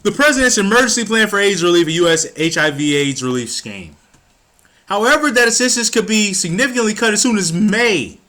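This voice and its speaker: A man from the United States delivers an angry political rant, cursing and stumbling over his words as he gets heated. His voice sits high and sounds bright and tense. His pitch swings widely from line to line. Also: expressive, brisk. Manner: stumbles and restarts when worked up. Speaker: political commentator.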